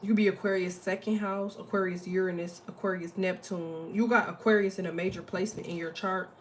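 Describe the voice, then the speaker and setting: A woman's voice: on the low side, fairly even intonation, fairly quick, a little hiss or hum. A woman giving a casual astrology and tarot reading, talking bluntly and profanely, rambling with lots of fillers.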